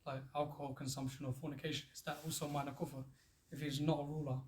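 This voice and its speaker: Man, fairly high voice, fast talker, student question, faint background noise. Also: little pitch movement. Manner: quick, checking with "right?".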